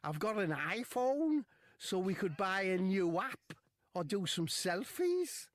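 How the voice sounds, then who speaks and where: A man putting on a slow, high, boastful voice for a dim young footballer in a comedy story. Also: big pitch swings, no room sound, full character voice.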